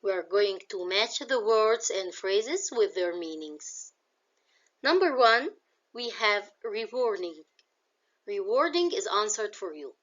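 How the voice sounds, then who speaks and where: A woman's voice: mid-range voice, animated, slow pace, a bit bright, dull audio. A woman with an Egyptian accent teaching a classroom English vocabulary lesson. She explains words in English and glosses some of them in Arabic.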